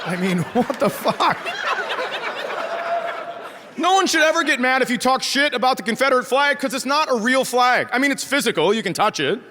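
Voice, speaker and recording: A man doing stand-up comedy, telling stories in an animated way and acting out the people in them, from northern Minnesota. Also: very high voice, moderate pace. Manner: animated storytelling, acting out other people's voices. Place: theater stage before a laughing crowd. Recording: live stage mic with audience noise.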